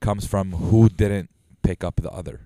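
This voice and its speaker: A young man co-hosting a sports podcast, relaxed and agreeable, dropping bro and man into casual talk. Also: low voice, measured pace, no room sound, clean studio sound. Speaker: podcast co-host.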